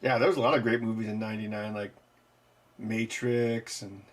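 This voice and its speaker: Husky-voiced man rambling with his chat. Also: fairly low pitch, fairly even intonation, moderate pace. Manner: rambling, loose, filler-heavy. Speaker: livestream host. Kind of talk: casual chat answering live chat.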